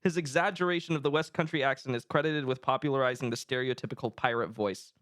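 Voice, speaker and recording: A young man co-hosting a comedy podcast, trading improvised banter in a dry, deadpan way. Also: medium pitch, fast.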